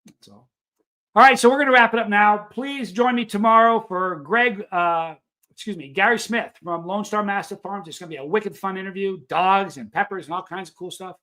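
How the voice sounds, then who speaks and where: A high-pitched man talks to his live-stream viewers in a loose, unscripted rant. He is emphatic and opinionated, pressing each point hard and asking the audience questions. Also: moderate pace, bright, forceful tone.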